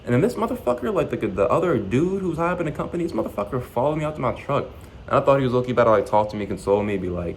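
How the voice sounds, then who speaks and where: A young man casually telling a story to the camera, animated and profane, full of slang and fillers, with faint noise behind him. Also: medium pitch, very fast, rough recording. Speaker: vlogger.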